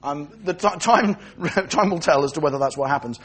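A man's voice: fairly high pitch, a little fast, a bit bright, breathy edge. A man preaching a sermon, telling stories and acting out the voices of the people he quotes.

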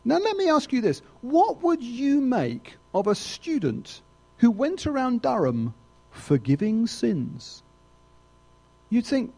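A man delivers a sermon with emphatic, animated phrasing. His voice sits high for a man. His pitch rises and falls a great deal from line to line. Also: slow pace, creaky. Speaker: preacher.

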